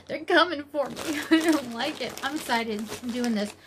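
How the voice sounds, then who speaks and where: A woman talks casually to her camera at home, gushing over each thing she finds. Her voice sits high and jumps higher still whenever she gets excited. She sounds a little tired but keeps exclaiming. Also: normal speed, noisy background. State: tired after work. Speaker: crochet vlogger. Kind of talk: casual unboxing chat.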